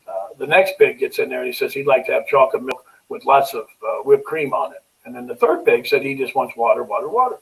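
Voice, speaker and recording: A man's voice: mid-range voice, expressive, fairly quick. A middle-aged man, a financial consultant, giving a chatty webinar presentation with plenty of ums and restarts. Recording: distant mic, slightly far-off.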